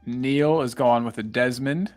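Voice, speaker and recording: A man's voice: medium pitch, unhurried, darkish tone, soft background music. A man co-hosting a casual live-stream podcast, easygoing with teasing banter. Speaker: podcast co-host.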